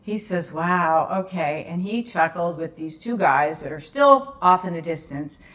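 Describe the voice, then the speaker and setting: A woman's voice: lowish voice, expressive, unhurried, a bit bright. A woman, a podcast guest telling a story in casual conversation, acting out the voices in the dialogue.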